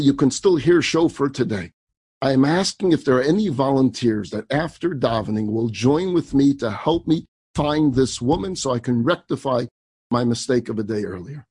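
Husky animated rabbi telling a story. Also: male voice, mid-range voice, no room sound. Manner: animated storyteller who acts out dialogue, laughs while telling. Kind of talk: storytelling sermon.

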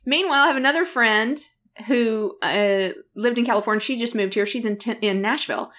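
Brief: middle-aged woman podcast co-host, animated chatty storyteller, laughs a lot. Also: on the high side, fairly quick. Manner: animated storyteller who laughs often and acts out quotes. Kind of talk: casual podcast chat.

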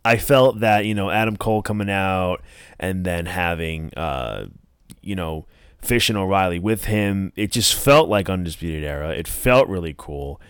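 A man's voice: low voice, normal speed, fairly bright tone, smooth, no room sound, studio quality. A young man casually reviewing wrestling as a podcast host, rambling with many fillers and acting out quotes.

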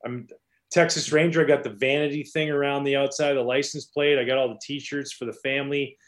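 A man, a former professional pitcher, telling stories in a casual interview, animated and rambling with many restarts. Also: fairly quick.

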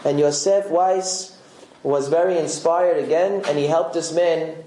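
A man's voice: on the high side, steady tone, normal speed, warm tone, reverberant, a little hiss or hum, poor audio. A man telling a story aloud, acting out the dialogue with animation. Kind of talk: oral storytelling.

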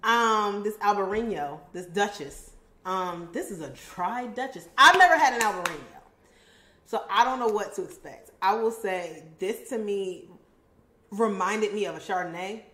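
A woman co-hosting a casual chat, talking in an animated, fast way with frequent laughter. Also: medium pitch, echoey room. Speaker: co-host.

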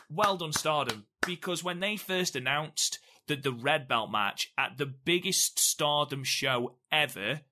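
A man's voice: medium pitch, bright, forceful tone. A man co-hosting a podcast, recapping a show in chatty casual talk with asides. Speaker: podcast co-host.

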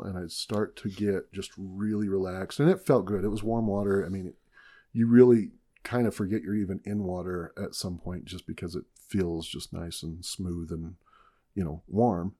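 Low raspy southern guy on a podcast, rambly, pokes fun at himself. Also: a little mellow. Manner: rambling, self-mocking, laughs often. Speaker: podcast co-host. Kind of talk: casual storytelling chat.

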